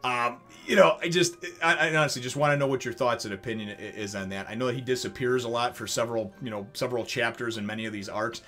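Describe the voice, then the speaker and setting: A man talks from his desk at home, recapping a manga chapter in a loose, animated way. He acts out the characters' lines, swears freely, and laughs as he goes. Faint music plays behind him. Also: medium pitch, fast, few pauses. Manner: animated, swears casually, voices quoted characters, laughs often. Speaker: manga reaction vlogger. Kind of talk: excited casual recap to camera.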